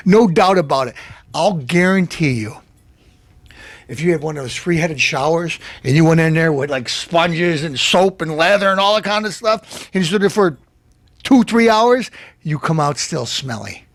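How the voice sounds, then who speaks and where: A male TV host roasting his targets in a brash, mocking rant. His voice is gravelly and sits a little high, and he laughs at his own jokes. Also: no echo. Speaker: TV show host. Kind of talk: comic insult rant.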